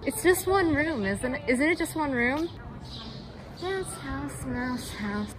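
Woman, high and light voice, amused chatter, recorded outdoors over traffic noise. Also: lively intonation, slow.

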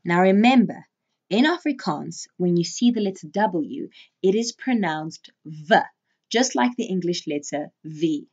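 A woman teaches a slow, clear beginners' language lesson, patiently repeating each word so learners can say it along with her. Her fairly low, slightly mellow voice has lively intonation and a slightly slow pace, on slightly dull, muffled audio.

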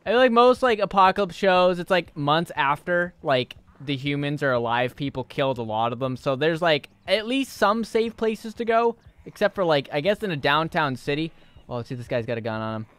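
A man's voice: fairly high pitch, normal speed, clear, resonant tone, no room sound. A young man streaming a game for the first time, talking to himself and chat, swearing and yelping in panic. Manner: panicky, swearing, yelps and shouts when startled. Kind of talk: live gameplay commentary.

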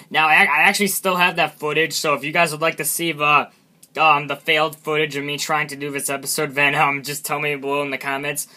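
A man's voice: fairly high pitch, sharp tone. A man hosting his own channel, casually reviewing a character from his animation, self-deprecating and often restarting his sentences.

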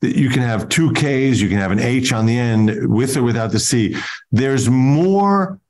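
A man's voice: medium pitch, expressive, a little mellow. A male comedian guest riffing jokes in a casual chat. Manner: quick joking riffs.

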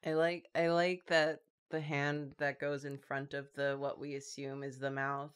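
A woman's voice: deep voice, monotone, a little slow, clean tone. A woman hosting a drawing show, chatting casually and teasing her co-hosts with frequent laughter. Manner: laughs often, playful teasing. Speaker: show host. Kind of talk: casual chat while drawing.

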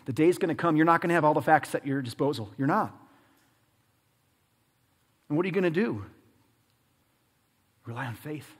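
A man preaching a sermon as pastor, swinging between loud, emphatic passages and hushed, quiet ones. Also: medium pitch, slightly rough, in a large hall.

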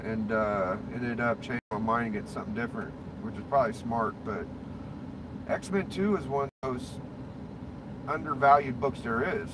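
A man's voice: mid-range voice, normal speed. Foul-mouthed man ranting over road noise. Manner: profane, rambling, blunt. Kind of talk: casual ranting chat. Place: inside a car. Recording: clear road and engine noise.

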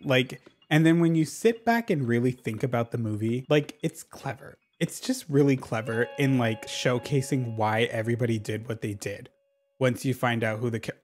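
A man chatting casually over a video game, animated and chatty, dropping lots of "like" and swearing freely. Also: mid-range voice, moderate pace. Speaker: gaming YouTuber. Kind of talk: casual chat over gameplay.

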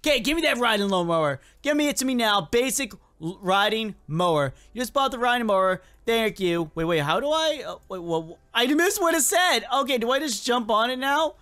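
A gaming video creator giving casual, excitable play-by-play commentary, chatting to game characters and laughing often with lots of ups and downs in pitch. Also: fairly quick, few pauses.

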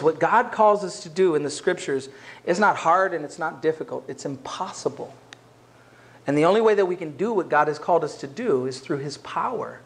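A man with a notably high voice preaches a sermon as a pastor. He speaks to his congregation in a relaxed, conversational way rather than a formal one. His delivery is lively and direct. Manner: conversational, acts out quoted voices. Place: church.

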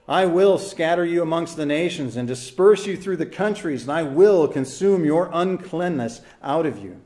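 A man preaching an expository sermon in a voice pitched a little above the usual for men. He is earnest and emphatic, repeating key phrases for stress and putting questions straight to his listeners. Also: expressive, normal speed, hardly any pauses, a little mellow. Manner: asks the listeners questions directly. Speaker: pastor.

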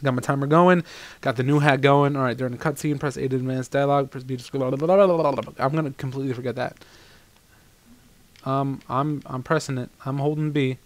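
A man's voice: medium pitch, fairly even intonation, brisk, dry recording. A man giving rambling, casual let's-play commentary over a video game and swearing now and then. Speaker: gaming channel host.

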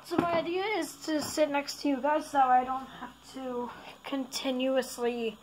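Woman gaming creator, high voice, unhurried chatty commentary, roomy bedroom sound. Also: level tone. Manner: chatty, rambling, self-correcting. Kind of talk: casual gameplay commentary. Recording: echoey room with faint noise.

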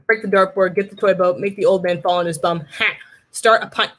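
A woman streams herself playing a goose game, joking and teasing as she goes and suddenly breaking into silly voices. Her medium-pitched voice is steady, brisk, and fairly bright. The audio quality is poor.

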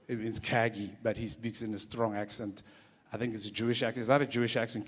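A man's voice: medium pitch, fairly even intonation, quick pace. A man giving a stage talk, telling loose stories with laughter and frequent stumbling restarts. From South Africa. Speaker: guest speaker. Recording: echoey hall.

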